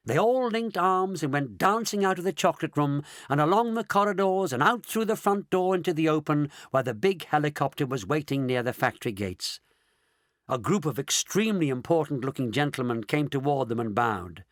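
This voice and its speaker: A man narrating a children's audiobook in an animated, expressive storybook style. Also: on the high side, brisk, dry recording, studio quality. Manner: animated, lively delivery.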